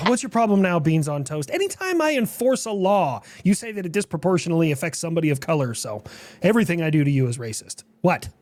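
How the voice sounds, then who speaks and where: A woman voicing a prim, sarcastic personified Britain in an animated web series, with a mock-proper, sing-song delivery. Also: on the low side, fast, dry recording, studio quality. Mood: exasperated.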